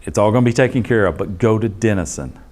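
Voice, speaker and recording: A man, an EMT instructor telling a case story to his class in a blunt, animated way. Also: on the low side, quick pace. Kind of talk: storytelling lecture.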